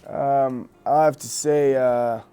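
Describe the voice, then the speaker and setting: A man's voice: mid-range voice, steady tone, slow pace, warm tone, clean tone. A young man and actor chatting casually, easygoing, often saying "so, yeah". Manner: easygoing, says "so, yeah" a lot. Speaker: actor and co-host asking questions. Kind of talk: casual chat.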